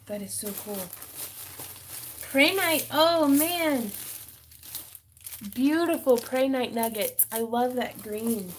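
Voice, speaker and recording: A woman hosting a craft livestream from her home craft room, excitable and quick to gasp and laugh as she talks into a phone. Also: high voice, a little hiss or hum. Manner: excitable, gasping and laughing over gifts. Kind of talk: casual live stream chat.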